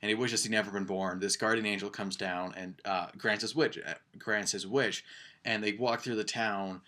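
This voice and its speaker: A man's voice: on the low side, fairly even intonation, normal speed, bright, forceful tone. A young man casually reviewing a movie on his channel, rambling and enthusiastic with lots of fillers and restarts. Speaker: film reviewer.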